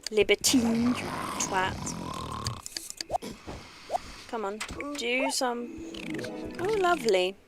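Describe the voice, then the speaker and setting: Giggly woman streaming a game. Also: on the high side. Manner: giggly, chatty and playful. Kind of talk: casual gaming stream chat.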